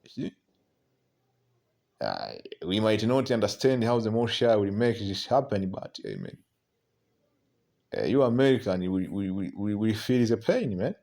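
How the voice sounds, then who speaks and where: Here a man preaches on prophecy loosely and conversationally, his lowish voice gravelly, a little mellow, and very animated. He reads scripture aloud between remarks, halts on repeated words, and keeps tagging lines with "man."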